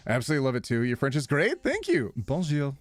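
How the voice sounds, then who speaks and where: Guy streamer chatting with chat, super lively voice that swoops up and down, lots of laughing, faint music behind. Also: medium pitch, rapid-fire, no echo. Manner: animated, reads chat aloud and laughs a lot. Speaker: live streamer. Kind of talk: casual live-stream chat.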